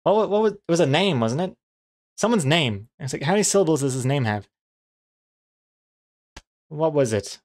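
A man's voice: on the high side, expressive, normal speed, pauses often, darkish tone. A man streaming as a comic artist, chatting casually while drawing, musing aloud and answering chat with easy chuckles. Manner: chuckles easily, playful pronunciation teasing.

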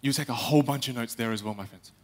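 A young man giving a live talk on stage, animated, acting out little quotes and speaking straight to the audience. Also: medium pitch, quick pace. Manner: animated, acts out quotes, addresses the audience directly.

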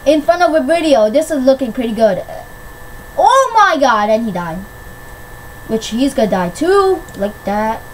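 A woman giving casual gameplay commentary, excitable and quick to shriek when things go her way. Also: high-pitched, a little hiss or hum, poor audio. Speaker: gamer. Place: at home on a PC.

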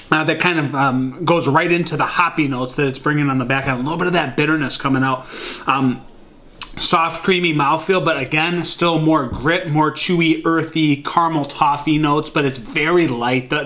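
This Michigan man has a fairly high, sharp-toned voice as he casually reviews a beer at home for viewers. His talk wanders, packed with fillers, and he keeps addressing everyone as "guys."

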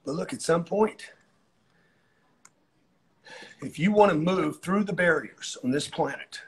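A middle-aged man giving a brash, profane motivational talk on a livestream, repeating himself and yelling points home. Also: a little high, unhurried. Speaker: motivational speaker.

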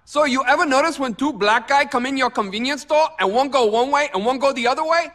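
An actor playing a loud stand-up comic man who heckles his crowd. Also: extremely high pitch, fast, noisy background. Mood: brash. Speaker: stand-up comedian.

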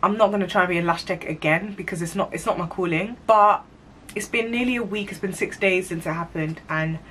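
A young woman, talking to camera in an animated, slangy and self-mocking way while telling a story, recorded at home on a camera mic. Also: lowish voice, fairly quick, slight background noise. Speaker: vlogger. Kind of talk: storytime monologue.

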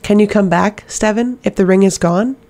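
A woman reading an audiobook, voicing a cool, commanding young woman who questions a captive calmly. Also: medium pitch, moderate pace, close to an everyday voice. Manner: calm, commanding.

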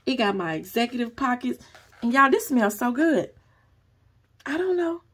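A woman vlogger chatting casually through an unboxing, gushing and excitable as she talks straight to her viewers. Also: fairly high pitch, normal speed, breathy edge.

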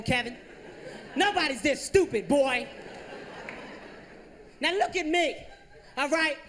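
A man putting on a strict churchgoing mother who shrieks and scolds, her voice jumping high and loud. She drags out her words in exasperation. Faint noise hangs behind her in the theater. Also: full character voice. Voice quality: shrill, yelling. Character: strict over-religious mother, shrill and scolding. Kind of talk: stand-up impression.

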